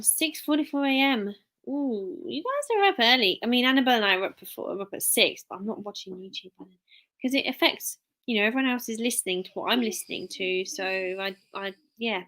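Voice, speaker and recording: A woman's voice: fairly high pitch, fairly bright tone. A woman chatting casually on a live stream, rambling and restarting sentences as she reads out viewer names. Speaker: live streamer, work-from-home mum.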